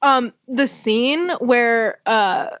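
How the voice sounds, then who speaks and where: A woman's voice: on the high side, very slow, fairly bright tone, no room sound. A young woman co-hosting a podcast, chatting in a bubbly way and laughing often. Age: young adult. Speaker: podcast co-host. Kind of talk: casual chat.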